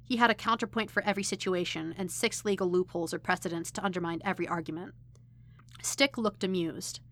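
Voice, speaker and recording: A woman narrating a fan fiction story in an expressive, lively reading. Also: fairly low pitch, fast. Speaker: podfic reader.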